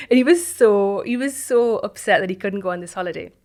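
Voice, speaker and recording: Speaking at a typical middle pitch, the founder of an online business community is a guest in an interview. She recounts her story thoughtfully but haltingly, often starting phrases over and trailing off quietly.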